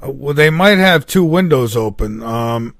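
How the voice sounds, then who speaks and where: A man's voice: medium pitch, animated, a little slow, dry recording. Man, radio host, live interview, stumbling, filler-heavy, dry close sound.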